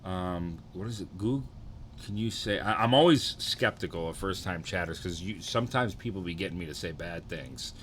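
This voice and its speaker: Laid-back streamer man, bright tone. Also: low-pitched, expressive, normal speed, a little hiss or hum. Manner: laid-back, rambling, swears often, greets chatters. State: slightly hungover, sluggish. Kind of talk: casual live-stream chat.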